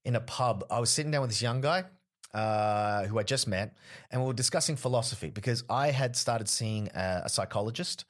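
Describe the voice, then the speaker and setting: Animated Australian man telling stories. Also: mid-range voice, fairly quick. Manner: animated storyteller who acts out quoted people. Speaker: podcast guest, comedian. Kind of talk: casual chat.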